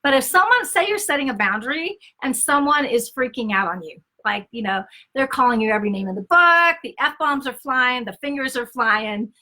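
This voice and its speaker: Bright, emphatic woman teaching on relationships. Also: high-pitched, expressive, normal speed, few pauses. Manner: emphatic, conversational, frequent "okay?" and "right?" check-ins; acts out quoted dialogue with shifts in tone. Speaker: Christian speaker and author.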